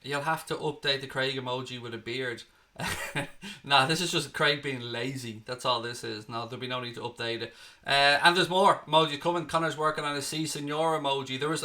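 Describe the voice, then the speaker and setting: A man's voice: medium pitch, pushed and bright. An Irish man hosting a live stream, chatting casually, reading viewer comments aloud and answering them, with the odd swear word. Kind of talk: casual live watchalong chat.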